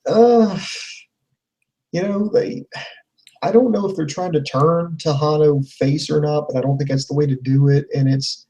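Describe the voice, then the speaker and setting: A man's voice: fairly high pitch, a little slow, mellow, recorded from a distance, muffled recording. A man co-hosting a casual wrestling review podcast, rambling through his recap with many "you know"s. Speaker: podcast co-host.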